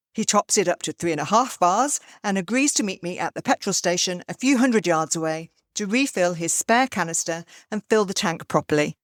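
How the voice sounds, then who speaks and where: An older woman, hosting a podcast and telling a personal story in a lively way. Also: lowish voice, a little fast, hardly any pauses, dry recording, clean studio sound. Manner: lively storyteller, acts out quoted voices. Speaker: podcast host. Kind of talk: storytelling monologue.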